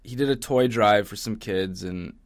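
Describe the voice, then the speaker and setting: A man's voice: fairly low pitch, moderate pace, dry recording, clean studio sound. A man co-hosting a casual sports news podcast, ranting sarcastically and swearing often. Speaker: podcast co-host.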